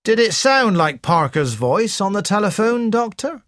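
A man doing a brisk, raised police inspector. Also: high voice, big pitch swings, a bit bright, no room sound, studio quality, voice pushed up. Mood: businesslike. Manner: brisk, businesslike questioning. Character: brisk middle-aged male police inspector.

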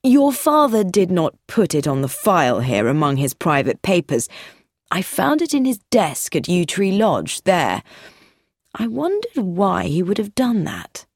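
A woman voicing a calm, probing police inspector who questions in a measured, persistent way. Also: fairly low pitch, dry recording, studio quality, exaggerated voice.

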